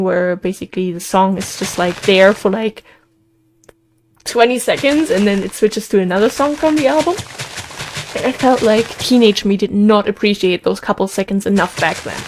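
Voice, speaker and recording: A woman's voice: medium pitch, a little hiss or hum. A young woman hosting a gameplay video, chatting in a rambling, emotional way and sounding worn out after a concert. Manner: rambling, excitable, emotional, with restarts and sighs. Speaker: let's play host. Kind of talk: casual chat while gaming.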